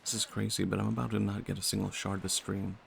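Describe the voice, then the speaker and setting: Low gravelly Swedish man streaming. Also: level tone, quick pace, slight background noise. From Sweden. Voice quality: vocal fry. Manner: soft-spoken, musing, talks to chat. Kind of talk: casual game-stream chat.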